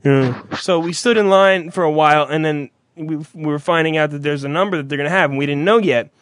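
A man's voice: on the high side, fast talker, fairly bright tone, no echo, studio quality. A young man in casual chat who rambles through stories, swears freely and acts out other people's voices.

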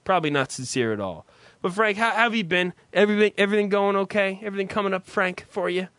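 A man's voice: high voice, fast, fairly bright tone, no room sound. A man hosting a podcast, sarcastic and profane, teasing his co-host and laughing a lot. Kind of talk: casual chat.

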